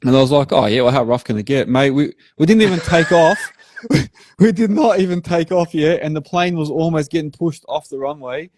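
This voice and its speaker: An Australian man with a fairly high voice tells a story in a lively, loose way, swearing as he goes. The sound is dry and close, with no room around it. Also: fairly quick, dry recording. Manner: animated storytelling, swears casually. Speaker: podcast host. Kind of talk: casual chat.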